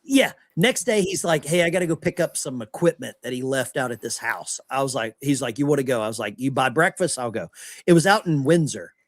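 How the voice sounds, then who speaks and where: A man's voice: mid-range voice, lively intonation, a little fast, dry recording. A middle-aged American man telling anecdotes in casual podcast chat and acting out the people he quotes. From United States. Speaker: podcast host.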